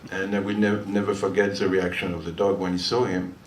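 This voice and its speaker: A man's voice: deep voice, level tone, brisk. Older french guy rambling through a story on stage, accent, echoey hall, a bit of hiss. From France. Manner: chatty, rambling, often laughing as he tells it. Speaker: guitarist performing on stage. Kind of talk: storytelling between songs at a concert. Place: listening hall before a live audience. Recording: roomy hall sound from far off, faint noise.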